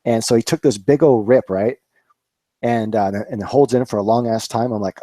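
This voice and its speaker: A man's voice: mid-range voice, steady tone, normal speed, mellow, no room sound. A man in his forties, a cannabis grower, rambling casually through a live stream, full of fillers and swearing. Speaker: cannabis grower, channel host.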